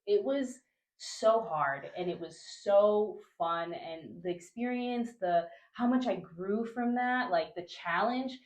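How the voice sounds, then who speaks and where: A woman's voice: medium pitch, takes it slowly. A young woman from Honduras shares a travel story as a podcast guest. She talks casually and animatedly, acting out what people said and laughing often. Her voice has a roomy echo.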